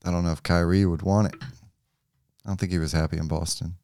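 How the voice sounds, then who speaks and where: Deep, smooth-voiced podcast host. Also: male voice, little pitch movement, fairly quick, a little mellow. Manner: loose, joking, swears casually. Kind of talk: casual basketball chat.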